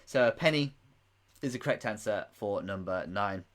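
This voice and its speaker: A man's voice: fairly low pitch, lively intonation, normal speed. A man in his late twenties hosting a live quiz, chatting in a jokey, giggly way with rambling asides, close to his microphone. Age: late 20s. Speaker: quiz host. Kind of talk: live-streamed quiz answers. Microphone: microphone close to the mouth.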